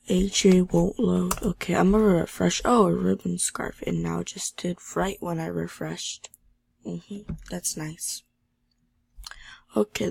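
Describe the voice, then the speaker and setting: With a lowish, gravelly, darkish and slightly rough voice, a teenage girl nursing a sore throat gives low-key, casual commentary on her gaming channel. Between moments of gameplay she reads chat messages aloud.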